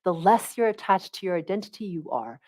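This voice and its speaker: A woman's voice: fairly low pitch, fairly quick. Chatty woman coaching a live audience. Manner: animated, checks in with listeners often. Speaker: spiritual coach hosting a livestream. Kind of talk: casual teaching talk.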